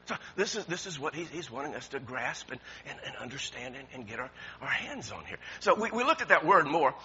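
A man preaching a sermon in an animated way, chuckling often and repeating words as he goes. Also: mid-range voice, brisk, a little hiss or hum. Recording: dull lo-fi sound.

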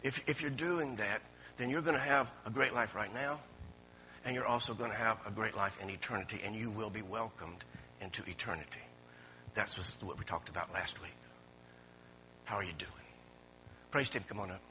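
A pastor preaching a sermon, swinging from quiet talk to shouting and repeating his words. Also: on the low side, moderate pace, long pauses, a little hiss or hum. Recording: dull lo-fi recording.

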